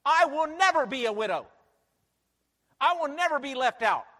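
A man preacher voicing a proud, boastful queen who insists she will never suffer, speaking loudly and emphatically. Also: very high voice, animated, moderate pace, in a large hall, pitched above the performer's own voice, full character voice. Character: proud boastful queen, woman, defiant and arrogant.

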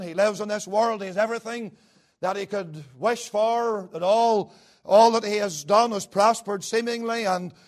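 A man with a notably high voice preaches a sermon. He climbs to loud, emphatic peaks, then sinks to low, hushed lines. He lingers slowly on key words. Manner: swings between rising emphatic peaks and low hushed drops; slow, deliberate delivery with pauses on key words.

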